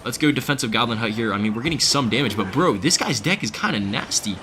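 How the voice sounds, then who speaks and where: A young man giving casual, excitable live commentary on his gameplay while chatting with viewers. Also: mid-range voice, brisk, hardly any pauses, slight background noise. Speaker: streamer. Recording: faint music behind.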